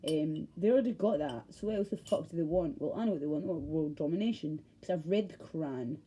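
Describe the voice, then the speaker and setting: A woman's voice: deep voice, quick pace, dark tone, breathy edge, low-quality recording. A woman with a Glaswegian accent, talking to camera in a passionate, profane, rambling monologue. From Scotland. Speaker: vlogger. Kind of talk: ranting monologue.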